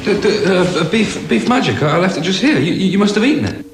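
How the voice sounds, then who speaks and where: A man's voice: high voice, animated, fast talker. An actor playing a weary, flustered man who stammers. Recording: echoey room with music.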